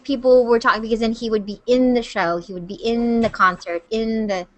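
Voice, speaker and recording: A woman hosting a casual group video chat, talkative and animated, steering the talk with questions. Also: fairly high pitch, a little fast. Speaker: host.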